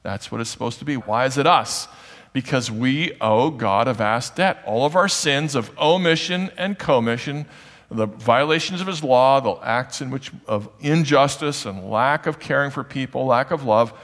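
A man's voice: medium pitch, normal speed, fairly bright tone. Male preacher, teaching sermon, asks the room questions, voice ringing in a large hall. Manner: explanatory, asks the audience questions. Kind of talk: sermon on a parable. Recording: long reverb of a large hall.

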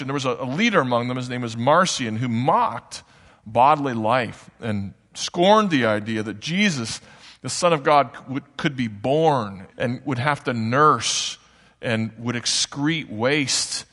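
Preacher in a long reverberant hall. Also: male voice, medium pitch, lively intonation, a little slow, a bit bright. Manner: conversational and explanatory, with asides. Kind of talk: sermon.

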